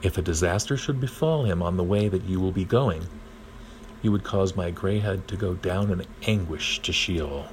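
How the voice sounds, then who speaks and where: A man's voice: low voice, moderate pace, a little hiss or hum, lightly acted. A man voicing a grieving, stubborn old father in a storybook reading.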